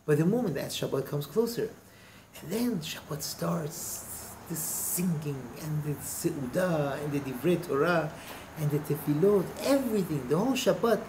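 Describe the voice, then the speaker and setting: Rabbi telling a lively story. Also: male voice, on the high side, background noise. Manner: lively, with many fillers like "you know". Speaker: rabbi teaching a class. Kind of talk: storytelling in a lesson.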